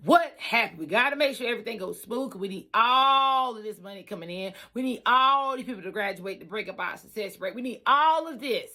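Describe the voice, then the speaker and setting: Animated bright-voiced woman telling a story. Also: a little high, a little fast, hardly any pauses. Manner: animated, emphatic, repeats lines for effect. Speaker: trucker and trucking school staff. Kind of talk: casual storytelling vlog.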